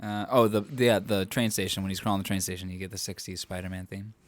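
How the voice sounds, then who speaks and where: A young man co-hosting a casual movie podcast, joking, laughing and shouting out quoted lines. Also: sits low, level tone, fast talker. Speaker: podcast co-host.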